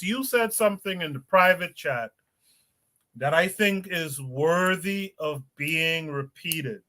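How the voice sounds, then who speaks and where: A man's voice: fairly high pitch, pushed and bright. A man hosting a podcast livestream, reading a prompt and asking a guest to speak. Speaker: podcast host. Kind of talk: livestream talk show.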